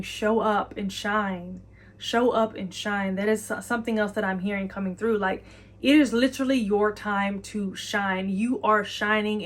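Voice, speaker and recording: A woman giving an intuitive channeling message. She talks earnestly and encouragingly, repeats key phrases and often speaks in the listener's imagined voice. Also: medium pitch.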